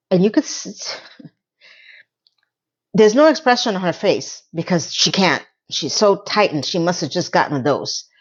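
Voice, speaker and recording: A woman casually recapping a TV episode in a blunt, animated, swearing style. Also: lowish voice, a little slow, breathy edge, highs cut off. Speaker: TV recap vlogger.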